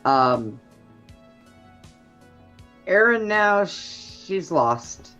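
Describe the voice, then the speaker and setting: A woman with a low voice chats in a slow, unhurried way, blunt and gossipy. Her pitch swings widely as she teases. The stream audio is dull and lo-fi, with faint music underneath. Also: very animated, fairly bright tone. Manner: gossipy, blunt, laughs often. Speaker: show host. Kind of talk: casual chat.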